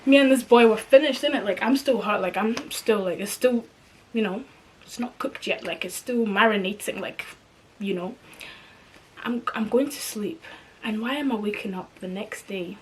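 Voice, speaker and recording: A young woman vlogger retelling a personal story in a slangy, animated way, acting out the dialogue. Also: mid-range voice, normal speed, slight background noise.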